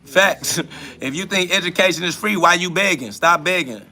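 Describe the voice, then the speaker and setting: A man's voice: high-pitched, normal speed, sharp tone. A man hosting a podcast livestream, answering chat comments in a blunt, profane, confrontational and preachy way, repeating his points for emphasis. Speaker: podcast host.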